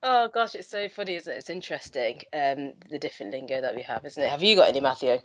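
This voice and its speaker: A female host leads a relaxed chat, laughing easily and prompting her guests with encouraging questions. Her pitch moves in a lively way, and the sound is dry and close. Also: quick pace, no echo. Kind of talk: casual chat.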